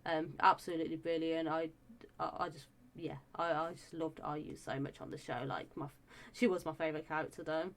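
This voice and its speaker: Gushing woman, slightly low voice. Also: steady tone, fairly quick. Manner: chatty and gushing, many fillers and restarts. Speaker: show reviewer. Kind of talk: casual review chat.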